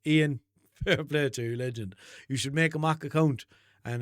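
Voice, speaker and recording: A Limerick-accented man chats loosely on his own podcast, wandering and swearing as he goes. He speaks at a middle pitch. The sound is dry and close. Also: steady tone, moderate pace, no room sound. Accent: Limerick Irish. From Limerick, Ireland. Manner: rambling, sweary, jokey. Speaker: podcast host. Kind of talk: unscripted casual podcast chat.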